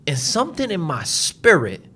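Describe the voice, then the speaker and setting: Husky and on the high side, the young man's voice runs at normal speed as he co-hosts a podcast. He's an animated teller of a family tale, laughing a lot and performing his wife's lines along with other people's.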